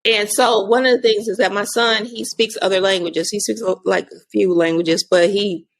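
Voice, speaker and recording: A woman guest and autism advocate, telling lively stories about her son in a casual conversation, laughing often. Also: medium pitch, moderate pace, vocal fry. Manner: animated storyteller, laughs often.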